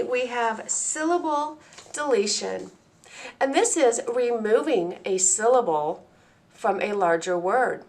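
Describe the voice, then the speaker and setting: A woman presenting a training lesson for teachers, speaking clearly and deliberately and slowing down to model words and sounds. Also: a little high. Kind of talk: instructional presentation.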